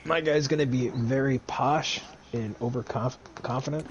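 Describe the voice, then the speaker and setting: A tired man chatting casually about his tabletop character, low-key and trailing off. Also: steady tone, moderate pace. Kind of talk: casual chat planning a tabletop game. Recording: dull lo-fi mic with faint hiss.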